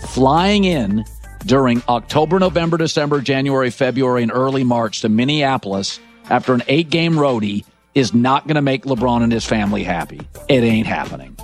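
A man's voice: mid-range voice, lively intonation, moderate pace, soft background music. A man hosting a sports talk show, delivering punchy, opinionated takes. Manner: emphatic, punchy declarations.

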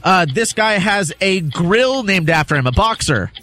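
Upbeat playful radio co-host, lighter voice. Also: male voice, high voice, animated, a little slow, bright, forceful tone, a little hiss or hum. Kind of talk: sports radio quiz hosting.

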